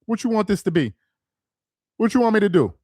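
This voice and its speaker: Worked-up guy going off about basketball fans, high voice jumping all over, dead dry room, aave slang. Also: very animated, fairly quick, darkish tone, no room sound. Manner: heated, mocking, repetitive rhetorical questions. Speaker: sports commentary host. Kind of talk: casual ranting commentary.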